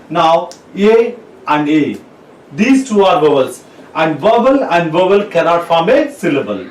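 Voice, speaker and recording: A man, teaching spoken in a slow lecture. He repeats points and spells out letters one by one. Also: on the high side, far from the mic, slight background noise. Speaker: English teacher. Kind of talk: classroom lecture. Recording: echoey room, voice from off the mic.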